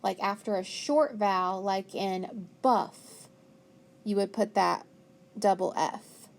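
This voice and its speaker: An unhurried woman with a mid-range, creaky voice teaches young pupils phonics. She's patient and encouraging, asking questions and answering them, praising what the children say, and spelling words out letter by letter.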